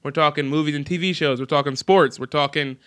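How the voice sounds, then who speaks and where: Bright-voiced young male podcast host. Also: a little high, quick pace, smooth. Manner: joking, animated storyteller who mimics voices. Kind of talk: casual podcast chat.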